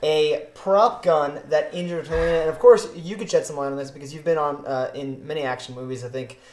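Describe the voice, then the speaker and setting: A man's voice: a little high, fairly even intonation, brisk, darkish tone, reverberant. An American man co-hosting a podcast, chatting casually and asking questions. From United States. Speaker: podcast co-host. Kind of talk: casual chat.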